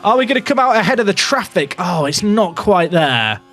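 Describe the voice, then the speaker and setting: A young man commentating live on a racing management game for his chat, swinging between nervous muttering and excited shouts. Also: high voice, moderate pace. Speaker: gaming YouTuber.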